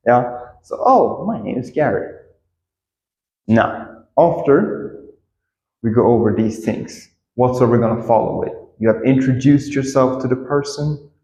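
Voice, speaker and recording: A man teaching a casual English lesson, repeating example phrases with lively acted-out intonation. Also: mid-range voice, a little slow, echoey room, long reverb tail, low-quality recording.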